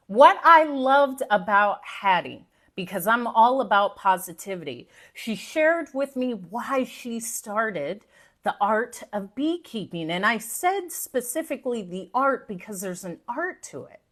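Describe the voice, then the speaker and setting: Animated high-voiced woman, live-stream pep talk. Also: unhurried. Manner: animated, preachy and playful, talks to viewers directly. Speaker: motivational speaker and live-stream host.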